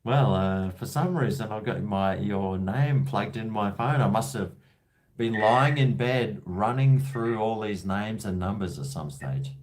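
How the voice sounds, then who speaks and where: Australian male host, lowish voice, blunt and sweary, rambling call-in chatter. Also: measured pace, noisy background. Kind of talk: casual call-in chat.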